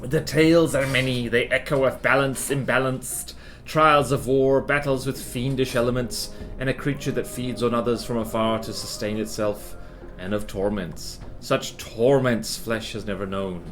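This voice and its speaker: A man reading the lines of a cryptic, mournful old female hag aloud in a slow drawl. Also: medium pitch, fairly even intonation, fairly bright tone, soft background music, close to an everyday voice.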